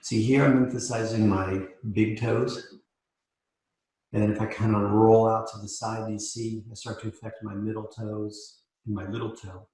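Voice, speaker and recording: A man leading a live mobility class as yoga instructor, calmly cueing each step while demonstrating. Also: fairly low pitch, moderate pace. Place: yoga studio. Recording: echoey room.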